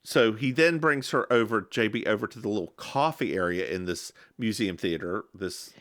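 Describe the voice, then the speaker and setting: A man's voice: on the low side, expressive, moderate pace, fairly bright tone. A man co-hosting a podcast, rambling through a TV episode recap in casual chat, restarting and correcting himself.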